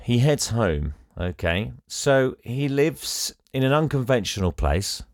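A man's voice: medium pitch, very animated, takes it slowly, dry recording, clean studio sound. A man hosting a casual podcast, teasing his co-host and feeding him story clues with frequent laughs. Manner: laughs often, teasing, feeds clues bit by bit. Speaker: podcast host leading a guessing game. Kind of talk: casual chat.

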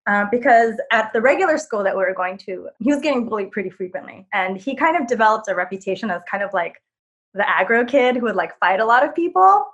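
A young woman telling a personal story on stage, animated, with many fillers, acting out quoted lines loudly. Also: medium pitch, fast, dull audio.

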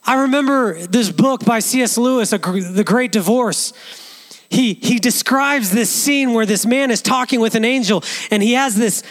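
A male pastor delivers an earnest sermon, often restarting his sentences. His speaking voice sits high for a man. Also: normal speed.

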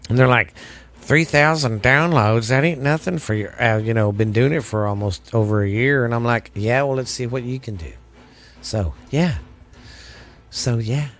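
A middle-aged man with a drawl, rambling folksy and chatty as he wraps up his podcast. His sinuses sound a bit stuffy, his pitch sits in a middle range, and the sound is close and dry with no room echo. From Southern United States. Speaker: podcast host. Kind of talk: casual podcast sign-off chat.

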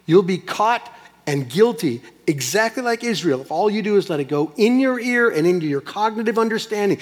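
Emphatic male preacher in a big hall. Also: fairly high pitch. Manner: emphatic, swinging from loud to hushed. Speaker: pastor. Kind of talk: sermon.

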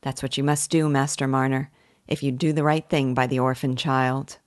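A kindly, earnest village wife who rambles on in homely rustic speech, as a woman reading aloud puts her on. Her voice sits low and is recorded close and dry. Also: little pitch movement, normal speed, dry recording.

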